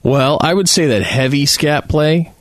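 A man co-hosting a morning radio show in casual banter, dropping slow quips and short reactions. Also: a little high, no room sound, studio quality.

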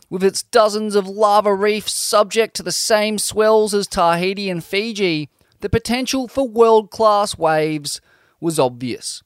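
A man narrates a scripted story in a high, smooth, resonant voice. His delivery is measured and steady. The close mic gives a dry, upfront sound. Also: no room sound. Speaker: podcast narrator.

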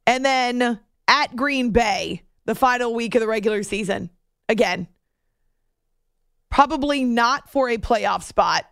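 A woman hosts a sports talk show with a somewhat high voice. She is chatty and playful, tossing off joking asides. The sound is dry and close. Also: gravelly, a bit bright, no room sound.

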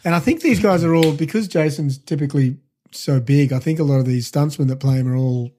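A man's voice: a little high, fairly quick, dark tone, a little hiss or hum. A man co-hosting a casual podcast chat, reading out trivia with hesitant ums and restarts. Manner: reads trivia aloud with hesitant fillers. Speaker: podcast co-host.

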